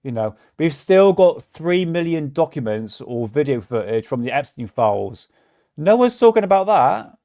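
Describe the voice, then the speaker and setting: A man's voice: on the high side, sing-song, normal speed, warm tone, no echo. Guy ranting on his livestream, blunt, swears a lot, dry close sound. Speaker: livestream host. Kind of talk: casual livestream commentary.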